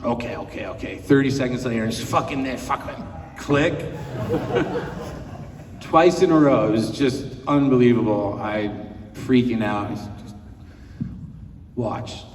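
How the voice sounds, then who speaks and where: A man's voice: medium pitch, slow pace, pauses often, distant mic, a little hiss or hum. Rambling man telling stories in an echoey hall. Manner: rambling, chuckling, acts out quotes. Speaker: film producer, panel guest. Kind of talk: anecdotal convention panel storytelling. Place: large convention hall panel.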